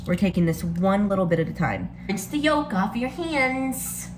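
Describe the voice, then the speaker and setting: Excitable woman baking on camera. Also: mid-range voice, moderate pace, a little hiss or hum. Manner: excitable, gasps and exclaims often. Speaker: vlogger. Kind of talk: casual baking vlog.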